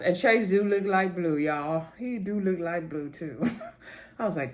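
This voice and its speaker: A woman's voice: lowish voice, moderate pace. A woman chatting casually to viewers, retelling scenes and talking straight to her audience. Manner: chatty, addresses viewers as y'all, retells dialogue. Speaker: TV episode recap host. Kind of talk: casual recap talk.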